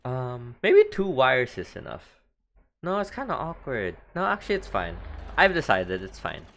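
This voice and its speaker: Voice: medium pitch, sing-song, moderate pace, a bit bright. A streamer from the Philippines with a Filipino accent, chatting casually and thinking aloud while building in a game.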